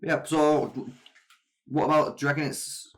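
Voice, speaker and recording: A young man co-hosting a podcast in casual chat, quick and laughing, steering with questions. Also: on the high side, fairly even intonation. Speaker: podcast co-host.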